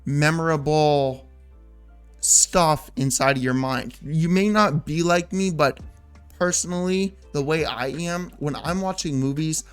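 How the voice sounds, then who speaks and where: Faint music plays behind a man in his thirties doing casual gaming vlog commentary, rambling, filler-heavy with "like" and restarting himself. He speaks at a measured pace in a clear, resonant voice on the high side.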